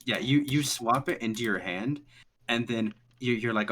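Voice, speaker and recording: A man's voice: mid-range voice, brisk, fairly bright tone, a little hiss or hum. A man narrating as game master, rambling through descriptions with lots of fillers.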